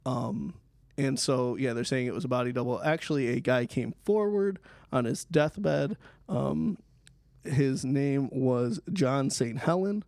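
A man co-hosting a podcast, chatting casually and filling pauses with many ums and uhs. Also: medium pitch, creaky, a little mellow, dry recording, clean studio sound. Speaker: podcast co-host. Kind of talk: casual chat.

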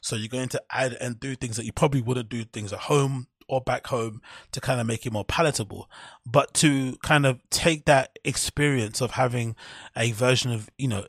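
A man's voice: medium pitch, breathy edge, dry recording, clean studio sound. A man hosting a podcast, rambling in a loose, profane way with frequent fillers and amused laughter. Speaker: podcast host. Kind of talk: casual solo podcast rambling.

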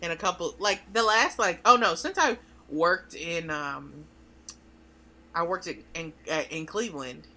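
A woman co-hosting a podcast in casual chat, emphatic and animated. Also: on the low side. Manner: animated, emphatic, drawn-out pauses. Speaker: podcast co-host.

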